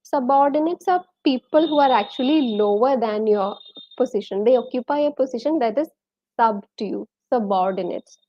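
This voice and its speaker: A woman's voice: fairly high pitch, normal speed, mellow, no echo, lo-fi sound. Malayali woman teaching a live English class. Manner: reads out viewers' names and answers, quizzes the class. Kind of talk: live online English lesson.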